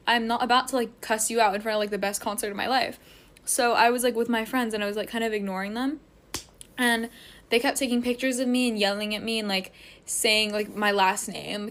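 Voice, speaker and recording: A woman's voice: mid-range voice, a bit bright. A teenage girl rambling through a casual storytime while getting ready at home, filling every sentence with "like". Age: teens. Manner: rambling, heavy use of "like" fillers.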